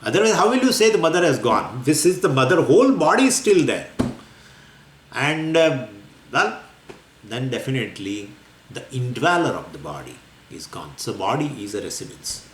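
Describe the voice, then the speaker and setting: Guy teaching scripture, pitch jumping all over, lots of uh and you know, roomy echo and a faint hum behind. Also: moderate pace. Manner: lively, wandering explanation with frequent fillers and laughs. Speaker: spiritual teacher. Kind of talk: scripture lecture. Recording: echoey room with faint ambience.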